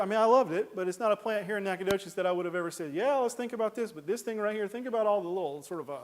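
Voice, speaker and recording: Folksy man lecturing, a bit high. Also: quick pace, a little hiss or hum. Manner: folksy, rambling, frequent uhs and restarts. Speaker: horticulture lecturer. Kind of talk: casual lecture with slides. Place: lecture hall.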